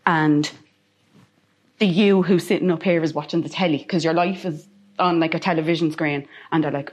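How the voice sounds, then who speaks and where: A woman's voice: sits low, steady tone, normal speed, darkish tone. A woman with an Irish accent, a guest telling a personal story in an interview, repeating phrases for emphasis.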